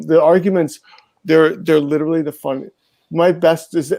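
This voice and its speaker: Man with a dark, gravelly voice, loose and chatty, lots of filler words. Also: mid-range voice, no room sound. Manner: rambling, many fillers, amused. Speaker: panel guest. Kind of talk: casual group discussion.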